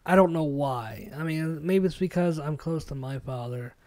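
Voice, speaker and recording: A man in his thirties, a podcast host, chatting casually in a rambling, profane, animated way. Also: on the high side, moderate pace. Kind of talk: casual chat.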